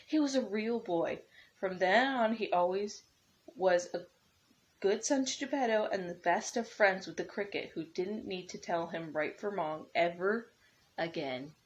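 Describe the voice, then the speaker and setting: A woman preschool teacher reading storybooks aloud to young children gently, with small slips, on a dull lo-fi recording. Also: medium pitch, a little slow.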